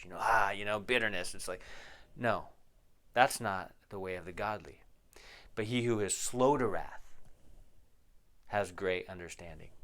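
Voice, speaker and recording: A man's voice: fairly low pitch, a bit bright. A man teaching a Bible passage verse by verse as a pastor, reading each verse aloud, explaining it and asking the listeners questions. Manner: asks the listeners rhetorical questions; reads verses aloud, then explains them.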